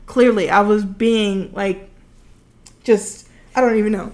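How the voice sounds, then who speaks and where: A woman's voice: medium pitch, steady tone, takes it slowly, darkish tone, slight background noise. A young woman telling a rambling, casual story over her gameplay footage, full of fillers, recorded at home. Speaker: video creator.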